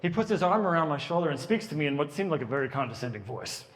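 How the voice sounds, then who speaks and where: A man in his thirties doing stand-up comedy at a birthday party, telling stories about his kids with lively, animated delivery. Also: fairly high pitch, fast, in a large hall. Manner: animated storytelling, puts on kids' voices.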